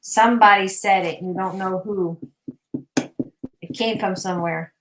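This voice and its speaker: A woman's voice: mid-range voice, steady tone, a little slow, reverberant, noisy background. A woman hosting a casual live craft chat, playful and teasing, laughing often. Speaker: host.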